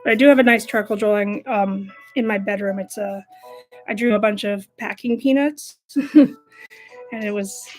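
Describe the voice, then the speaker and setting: A woman's voice: mid-range voice, moderate pace, soft background music. A young adult woman chatting casually while she draws, self-mocking and laughing often. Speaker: art vlogger. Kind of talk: casual narration while drawing.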